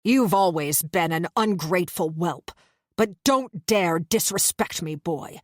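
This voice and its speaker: A woman's voice: on the low side, animated, a little slow. A woman reading a novel aloud, voicing a domineering father who speaks with scorn to his son. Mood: scornful. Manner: scornful, cutting. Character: contemptuous, domineering father, an aging man.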